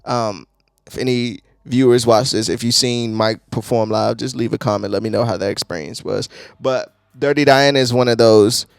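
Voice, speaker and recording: A young man reviewing music in a casual, excitable, slangy, rambling way. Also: medium pitch, normal speed, creaky, smooth, no room sound, studio quality.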